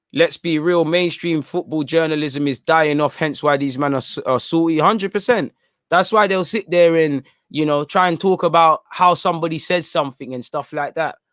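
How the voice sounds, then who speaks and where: A young man hosting a live football watchalong, talking in an animated, slangy, opinionated way. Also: a little high, dry recording, clean studio sound. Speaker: football channel host. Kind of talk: live match watchalong commentary.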